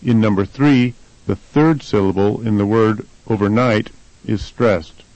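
A man reading answers and sample dialogue lines for a scripted language lesson in a plain, even way. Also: on the low side, measured pace, no echo, rough recording. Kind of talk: scripted instructional narration.

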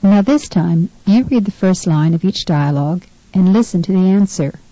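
Clear and measured, a woman narrates the steps of an English pronunciation lesson in a scripted teaching style. Her voice sits on the low side and sounds warm, mellow and expressive. The recording is dry, close and echo-free, though low in quality.

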